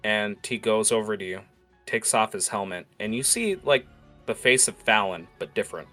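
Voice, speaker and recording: A man's voice: on the low side, lively intonation, moderate pace, bright, forceful tone, faint music behind. A man running a tabletop role-playing game, narrating loosely and peppering his speech with "uh" and "like". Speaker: game master.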